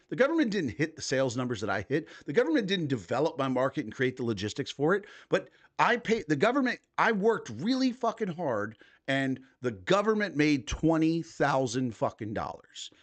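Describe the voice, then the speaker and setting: A man's voice: fairly high pitch, big pitch swings, normal speed, few pauses. A man in his thirties from the United States, hosting a political livestream and ranting angrily with constant swearing. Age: 30s. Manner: angry, swears constantly, reads posts aloud mockingly. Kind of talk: profane ranting commentary.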